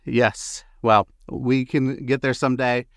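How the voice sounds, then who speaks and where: A man's voice: medium pitch, fairly even intonation, slow pace, a bit bright, no echo, studio quality. A man hosting a podcast interview, asking questions in a hesitant way with many fillers. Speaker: podcast host.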